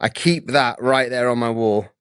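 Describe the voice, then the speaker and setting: A man's voice: medium pitch, normal speed, smooth. Emphatic man telling a story. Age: middle-aged. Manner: emphatic, animated storyteller with frequent restarts. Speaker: interview guest. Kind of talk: conversational interview storytelling. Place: his art studio. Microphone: video call.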